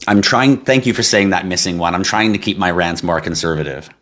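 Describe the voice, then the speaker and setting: A man's voice: low voice, brisk, fairly bright tone. A middle-aged man hosting a crypto livestream, chatting casually and bluntly as he reads and answers viewer comments. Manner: blunt, ranting, swears, laughs at himself.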